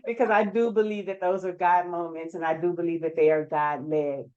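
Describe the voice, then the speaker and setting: A woman host with a mellow, lowish voice, reflecting back on what her guest has said. Her voice comes through a dull, lo-fi video call. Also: steady tone, fairly quick, clean tone. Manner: reflective, sums up guest's words. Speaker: podcast host, life coach. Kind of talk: interview hosting. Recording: dull lo-fi sound.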